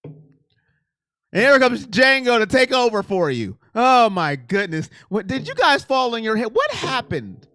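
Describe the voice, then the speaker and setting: Bright, slow-talking sports stream host. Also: male voice, very high voice, dry recording, clean studio sound. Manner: excitable, talks straight to chat. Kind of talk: casual live-stream chat with viewers.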